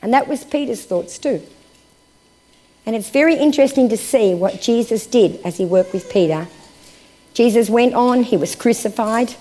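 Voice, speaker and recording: A woman with a fairly high voice preaches a sermon and reads scripture aloud. Her voice rises for emphasis, then falls into hushed, slow phrases.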